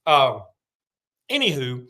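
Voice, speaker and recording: A man's voice: medium pitch, huge pitch swings, slow pace, pushed and bright. Joking man hosting a sports podcast. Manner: joking, rambling storyteller. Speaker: podcast host. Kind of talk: casual sports podcast chat.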